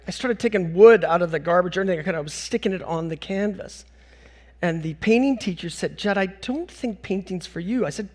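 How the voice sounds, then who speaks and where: A middle-aged man from Canada telling funny stories from his life in a talk on stage, acting out the people he quotes. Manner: animated, acts out quotes with big jumps in pitch. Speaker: conference speaker.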